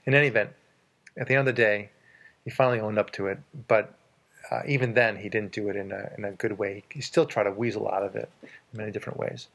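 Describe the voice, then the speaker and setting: A man's voice: on the low side, steady tone, fast, vocal fry, a bit bright. A man hosting a casual advice chat, emphatic and repeating words for stress as he tells anecdotes from his work.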